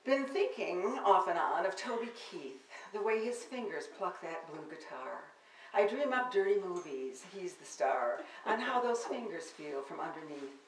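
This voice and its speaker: A woman's voice: lowish voice, big pitch swings, unhurried, a little hiss or hum. Older woman poet, wry and theatrical reader; live bookstore reading, roomy sound. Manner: wry, theatrical delivery of verse. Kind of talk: public poetry reading with spoken asides. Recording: roomy, distant live-event recording.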